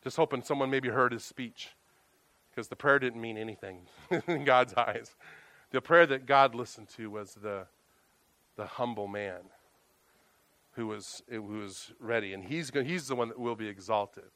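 A man preaching a sermon, telling stories in a conversational, animated way. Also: medium pitch, unhurried, no room sound. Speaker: pastor.

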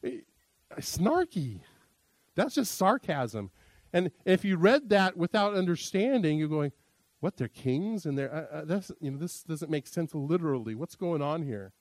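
A man's voice: on the high side, big pitch swings, normal speed, no echo. A middle-aged male pastor teaching a sermon in a conversational, jokey way, acting out quoted lines. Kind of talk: sermon teaching on interpreting scripture.

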